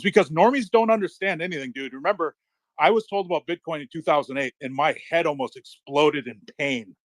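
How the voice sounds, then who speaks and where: A middle-aged man chatting casually in a live audio room, telling excitable stories and swearing freely. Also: a little high, a little fast, no echo. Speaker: crypto community speaker.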